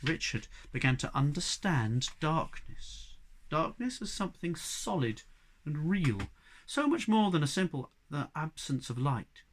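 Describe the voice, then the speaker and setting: Man giving a measured audiobook reading. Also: on the high side, slight background noise. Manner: measured, expressive storytelling. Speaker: reader. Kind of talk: audiobook narration.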